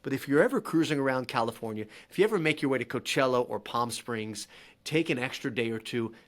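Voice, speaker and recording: A man talking as a podcast guest, telling stories in an animated, excitable way with quick restarts. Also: mid-range voice. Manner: animated, excitable storyteller with laughs and frequent restarts. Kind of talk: casual interview storytelling.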